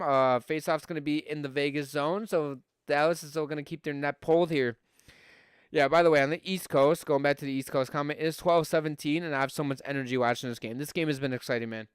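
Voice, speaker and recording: A young podcast host from Buffalo, with a Western New York accent, gives casual live hockey play-by-play on a stream, chatty and full of fillers, rising in excitement on scoring chances. His voice sits on the high side, steady and clean at a quick pace, recorded in studio quality with no room sound.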